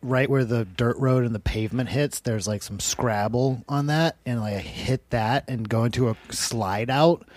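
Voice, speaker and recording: A man's voice: medium pitch, moderate pace, few pauses, darkish tone. A man telling a long story in casual chat, rambling and peppered with "like" and swearing. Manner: rambling, heavy use of "like", swearing.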